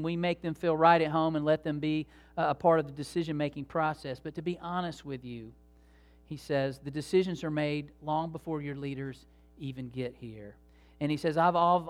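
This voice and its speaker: A man preaching a sermon as pastor, in a conversational, folksy way with many fillers and restarts. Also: a little high.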